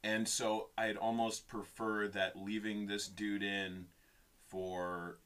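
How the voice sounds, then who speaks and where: A man's voice: on the low side, level tone, slow pace, fairly bright tone. A man co-hosting a podcast, chatting casually in a loose, profane, offhand way. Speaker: podcast co-host. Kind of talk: casual chat.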